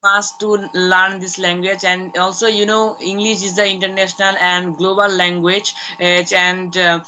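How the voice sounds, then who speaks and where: Student guest, bright flat delivery, halting with fillers, faint background noise on a video call. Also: medium pitch, poor audio. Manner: careful, halting, with frequent "uh" fillers. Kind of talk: casual conversation practice.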